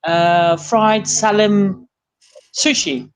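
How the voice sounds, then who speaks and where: A woman's voice: mid-range voice, fairly even intonation, extremely slow, a loud crowd, poor audio. A chatty woman with a South African accent, talking casually into her phone while lying on her bed at home. She rambles from one thing to the next and laughs often. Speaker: guest on a live stream. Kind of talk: casual chat.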